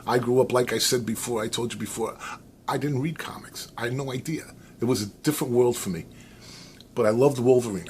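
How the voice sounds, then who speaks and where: An American man talking casually to camera, rambling and animated, with many restarts and fillers, giving his opinions. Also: mid-range voice, fairly quick, a little hiss or hum. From United States. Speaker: vlogger.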